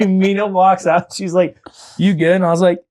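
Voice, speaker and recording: A man's voice: high voice, level tone, normal speed, a little mellow. A young man, a podcast guest, telling a long personal story in casual chat, full of filler words like "like" and "dude".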